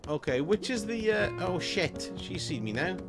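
A man's voice: high-pitched, very animated, moderate pace, music in the background. A man giving cheeky, chatty commentary while playing a game on a live stream, swearing and laughing often. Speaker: gaming streamer. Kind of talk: casual let's-play commentary.

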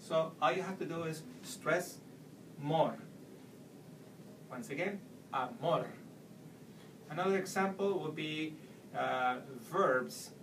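A man teaching a lesson, recorded from a few feet away in a bare room that rings with echo. His voice sits a little high. He explains step by step and repeats each example. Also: measured pace, a bit bright, a little hiss or hum. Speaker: Spanish teacher. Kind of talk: video language lesson. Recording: echoey room, mic at a distance.

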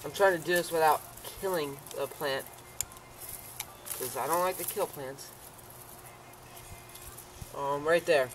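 Man, slightly high voice, tired, rambling garden vlog outdoors with faint noise behind. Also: slow pace, pauses often. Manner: rambling, self-interrupting, talks to his dog. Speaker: home gardener.

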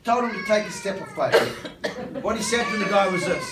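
A man's voice: high voice, fairly quick, background noise. A man preaching a sermon, telling stories and acting out the characters in comic voices. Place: church hall. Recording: echoey hall, mic from a distance.

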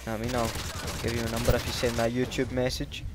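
A man's voice: mid-range voice, completely flat delivery, fast talker, over music. A Scottish man giving casual, hesitant commentary over his gameplay, with lots of filler ums. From Scotland. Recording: loud game gunfire behind.

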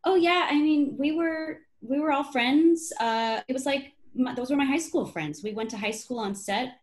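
A woman's voice: sits high, moderate pace, poor audio. A woman in her thirties from Chicago, an actress talking casually in an interview, with lots of "you know" and "um". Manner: chatty, many fillers like "you know" and "um". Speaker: actress guest.

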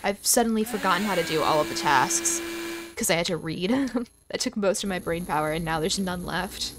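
A woman hosting a gaming channel, giving casual let's-play commentary in a chatty, excitable way with dramatic exclamations. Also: lowish voice, normal speed, background noise.

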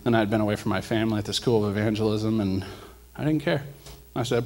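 A man preaching in church, telling a story with lively energy and acting out the people in it. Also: lowish voice, fast. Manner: animated storyteller, acts out quoted voices, rises loud when preaching. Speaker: preacher sharing a testimony. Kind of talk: sermon storytelling.

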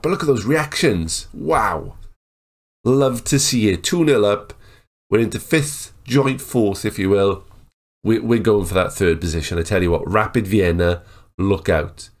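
A man giving casual, excitable commentary over a football management game, chatting and joking as the match plays. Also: on the low side. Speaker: gaming YouTuber. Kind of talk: casual Let's Play commentary.

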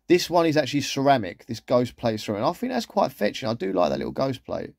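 Chatty man with a warm tone. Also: mid-range voice, very animated, fast talker, creaky, no room sound, studio quality. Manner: chatty, rambling, with trailing asides. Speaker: vlogger. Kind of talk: casual shopping haul commentary.

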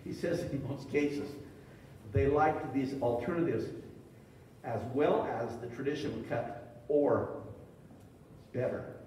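A man's voice: medium pitch, slow, long pauses, a little mellow, a little hiss or hum. A middle-aged man giving a conference talk, telling folksy, joking anecdotes to a live audience. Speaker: beef industry speaker. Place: meeting hall. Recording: echoey hall from far off.

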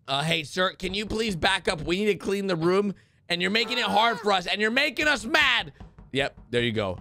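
An excitable man with a high, bouncing voice, swinging from cheers to groans as he reacts to cartoons. He talks straight at the characters he watches. The recording carries steady background noise and clicking. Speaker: reaction video host.

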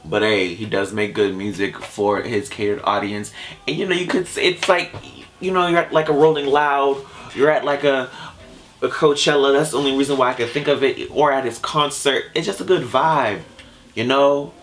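A young man in a casual reaction vlog, talking straight to his viewers in an animated, slangy way. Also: medium pitch, normal speed. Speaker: YouTube music reactor.

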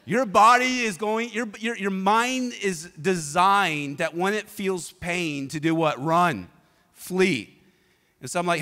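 Energetic man preaching in a reverberant church. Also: sits high, takes it slowly. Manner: energetic, conversational, prompts the congregation to respond. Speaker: pastor. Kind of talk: sermon with personal storytelling.

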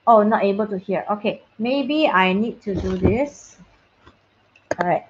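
A woman with a medium-pitched voice teaches an online science class over a video call, speaking a little slowly in a chatty, casual way. She keeps checking that her students can hear her and drops in short Mandarin phrases, and the muffled recording has slight background noise.

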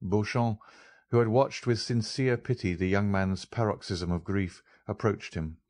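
A man reads a classic novel aloud in a low, even voice. The delivery is steady and unhurried. The recording is close and dry, with no room sound. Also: no room sound. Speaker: audiobook narrator. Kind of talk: scripted narration.

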